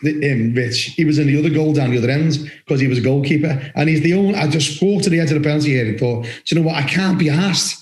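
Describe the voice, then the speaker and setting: A man co-hosting a podcast, telling blunt, animated stories and swearing now and then in casual chat. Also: a little high, fast, hardly any pauses. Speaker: referee podcast co-host. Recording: roomy echo.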